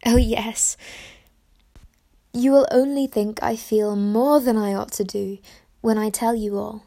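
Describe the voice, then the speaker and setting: A lively, witty young woman in love, voiced by a woman reading aloud. Her talk is playful and confiding, in a slightly high voice with a light gravelly edge. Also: slow.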